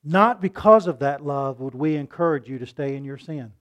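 A man preaching a sermon with passion, asking the room rhetorical questions and swinging between loud and hushed delivery. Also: a little high, animated, moderate pace, lo-fi sound.

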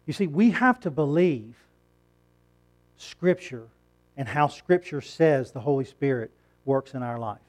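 A man's voice: mid-range voice, animated, a little slow, long pauses, a little mellow. A middle-aged man preaching a sermon in a conversational way, rising to emphatic points and asking the congregation questions. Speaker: pastor.

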